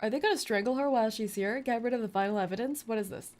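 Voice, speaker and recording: A woman streaming a game, reacting excitedly with gasps, yells and jokes. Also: a little high, very fast. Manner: excitable, gasping, yelling, jokey. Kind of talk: casual let's-play commentary.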